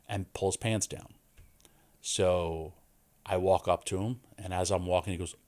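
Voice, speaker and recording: A man with a somewhat low voice, talking as a guest on a podcast. He tells stories in a loose, casual way. He jumps into the voices of the people in them and raises his voice for their lines. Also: normal speed. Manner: animated storyteller, acts out quoted lines. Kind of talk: casual interview storytelling.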